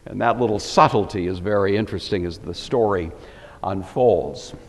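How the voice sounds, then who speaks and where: A man's voice: fairly low pitch, normal speed, big-room sound. A man teaching a lesson on a Bible passage in a conversational way, with frequent asides as he thinks aloud.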